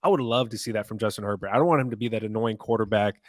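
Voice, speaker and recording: A man's voice: fairly low pitch, very fast, no room sound, clean studio sound. A man co-hosting a sports podcast in a casual, agreeable way, chatting with his co-hosts. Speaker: podcast co-host.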